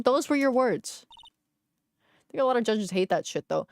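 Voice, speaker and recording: A woman's voice: fairly high pitch, lively intonation, normal speed. A young woman streaming a game, playfully joking and voicing the characters' lines aloud. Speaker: VTuber streamer. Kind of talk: game stream with voiced dialogue.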